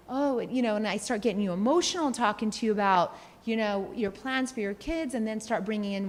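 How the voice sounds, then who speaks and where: Animated woman sales coach in a hall. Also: a little high, a little fast. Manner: animated, direct, acts out examples. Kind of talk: coaching workshop talk. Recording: echoey hall.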